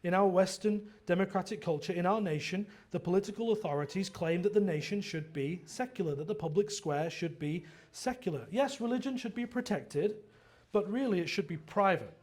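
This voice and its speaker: A man's voice: high-pitched, fairly quick. A man preaching an earnest expository sermon, stumbling and restarting often and checking in with the listeners. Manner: quotes dialogue in lively voiced asides. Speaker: pastor.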